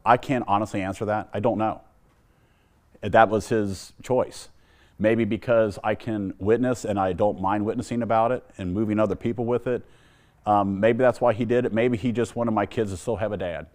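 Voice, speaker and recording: A man's voice: on the low side, a little mellow. A man telling his personal faith testimony in an earnest storytelling way, exhorting listeners. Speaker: testimony speaker.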